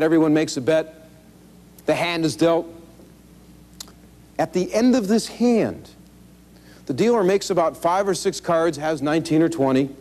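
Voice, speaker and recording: A man with a notably high-pitched voice teaches card counting in a folksy, animated way. He mixes plain step-by-step instruction with self-deprecating jokes, and the sound comes off an old 1980s instructional tape. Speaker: blackjack instructor. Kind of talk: instructional video talk.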